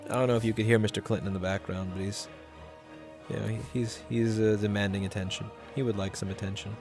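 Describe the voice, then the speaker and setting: A man's voice: lowish voice, steady tone, fast talker, music in the background. A man chatting casually on a livestream in a rambling way, reading chat and cooing at his cat.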